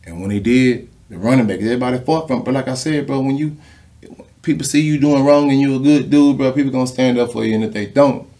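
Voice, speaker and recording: A man and former football player, a guest telling animated stories in a casual interview with lots of slang and swearing. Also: mid-range voice, fast talker.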